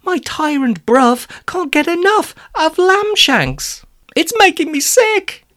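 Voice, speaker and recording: A man's voice: huge pitch swings, a little slow, fairly bright tone, heavily acted. A man voicing a fretful, panicky schoolboy in a storybook reading. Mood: panicked. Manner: fretful, high-pitched panic. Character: anxious schoolboy.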